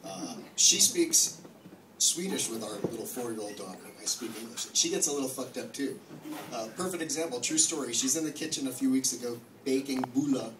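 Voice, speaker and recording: Brash New Jersey comedian in echoey club. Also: male voice, mid-range voice, brisk. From New Jersey, USA. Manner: brash, profane, swings into loud mock-angry bits. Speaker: stand-up comedian. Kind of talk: stand-up comedy set. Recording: echoey club from far off with noise.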